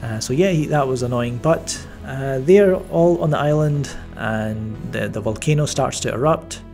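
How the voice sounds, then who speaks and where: Male film reviewer, mid-range voice, casual and rambling, dry sarcastic asides, soft music bed. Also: mid-range voice, normal speed. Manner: rambling, with frequent fillers and restarts; wry, mildly sarcastic. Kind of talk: casual spoken movie review.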